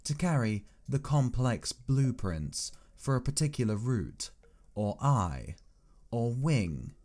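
A man reading a science fiction story aloud as an audiobook, in measured, expressive first-person narration. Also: fairly low pitch. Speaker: audiobook reader.

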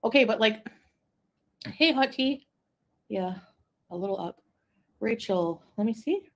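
A woman from Quebec chatting casually on a live stream, reading viewer comments, rambling and giggling, sometimes trailing off into a soft mumble. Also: fairly high pitch, animated, measured pace. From Quebec, Canada. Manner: rambling, easily distracted, giggly asides. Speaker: livestreamer.

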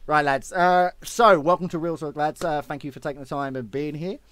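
A man's voice: fairly high pitch, fairly even intonation, fairly quick, fairly bright tone, smooth, no echo. A man hosting a casual online interview, teasing his guests with sarcastic banter. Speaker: interview host.

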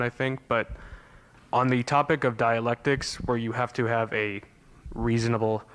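A man in the audience putting a question to the speaker in a halting, hesitant way, in short fragments. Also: medium pitch, fairly bright tone. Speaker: audience member asking a question. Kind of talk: Q&A question from the floor.

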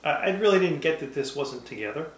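A man co-hosting a cocktail tasting show, teasing dryly and pausing to find his words. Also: a little high, lively intonation. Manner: dry teasing, halting with fillers. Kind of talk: casual tasting chat. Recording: roomy with faint background noise.

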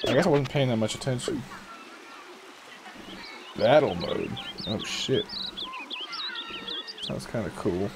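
A man's voice: medium pitch, slow, pauses often. A male streamer giving casual live commentary on a game, reacting with frequent swearing. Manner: profane, reactive, animated. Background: video game music.

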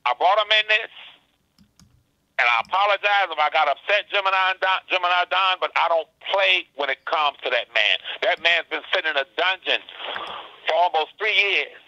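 A man's voice: high-pitched, bright, forceful tone, no room sound, muffled recording. A man calling in to a live stream, ranting angrily and swearing, repeating his points. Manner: angry, swearing, repeats himself. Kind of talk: heated call-in rant.

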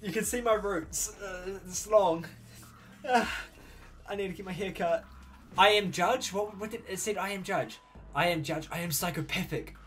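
A young man hosting a reaction video, gushing and swearing freely as he reacts with excitement. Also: high-pitched, normal speed, faint music behind.

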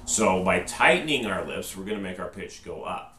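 A man with a low-sitting, slightly bright voice and lively intonation teaches trumpet at a moderate pace in an instructional video. He goes step by step, patiently asking "okay?" each time, picked up by a distant mic in an echoey room with faint noise.

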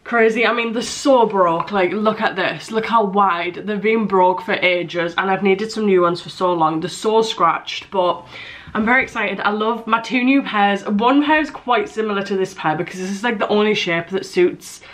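A woman's voice: mid-range voice, normal speed, a bit bright. A young British woman chatting to the camera in a casual vlog, rambling and a bit nervous and out of breath. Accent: British English. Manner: chatty, rambling, self-deprecating. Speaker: vlogger.

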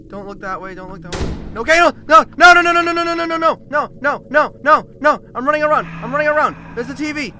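A man's voice: very high-pitched, measured pace, noisy background. A man in his twenties playing a horror game, panicking, repeating words in fear and shrieking. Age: 20s. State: terrified, shaky. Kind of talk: frantic let's-play commentary. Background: game music.

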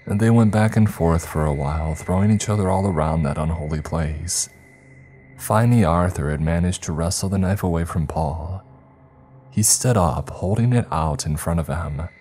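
A man reading the first-person account of a grieving older woman, a former space communications chief, in slow, somber scripted horror narration. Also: sits low, warm tone, slight background noise, natural voice. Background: faint music.

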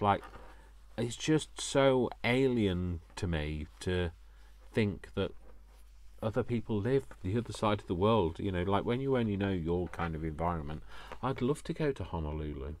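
A man chatting casually as he unboxes craft gifts, gushing, gasping and talking to himself. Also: fairly low pitch. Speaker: craft vlogger.

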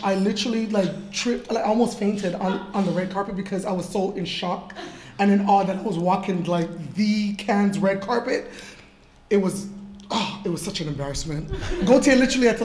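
A woman's voice: medium pitch, normal speed, darkish tone. Woman, forties, from Canada, chatty storyteller, laughs a lot, roomy event hall. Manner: chatty, laughs often, lots of "like" fillers. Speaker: guest model in an artist talk. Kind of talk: casual storytelling interview. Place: event room with an audience.

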